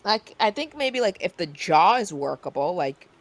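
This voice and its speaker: A woman with a low, animated voice banters at an online tabletop game. She makes wry, quick asides to the table. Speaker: player. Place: online voice call.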